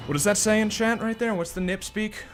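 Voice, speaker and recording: A man's voice: sits high, fairly even intonation, a little fast, soft background music. A man streaming gameplay in casual live commentary, rambling, joking and cursing, his throat sore and strained. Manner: rambling, joking, profane, self-deprecating, laughs often.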